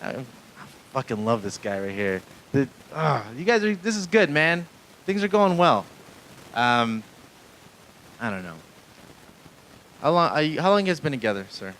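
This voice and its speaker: A man's voice: mid-range voice, big pitch swings, moderate pace, pauses often, a bit bright, poor audio. A stand-up comedian, a man with an ordinary mid-range voice, works a small club crowd from a handheld mic. He rambles, pokes fun at himself and curses freely between jokes, and a faint hiss sits under the live recording. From Mexican-American family. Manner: rambling, self-deprecating, crowd work with frequent profanity.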